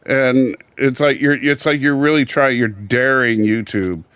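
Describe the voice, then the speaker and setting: A man's voice: mid-range voice, fairly even intonation, a little slow, a bit bright, smooth, dry recording. A man co-hosting a casual review podcast, teasing his partner and laughing often. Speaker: podcast co-host.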